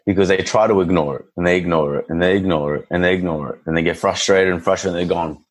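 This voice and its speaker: Brief: deep, husky man; dog trainer telling lively client stories in casual talk. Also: fast, rough recording. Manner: animated storyteller acting out clients and dogs. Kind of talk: casual podcast chat.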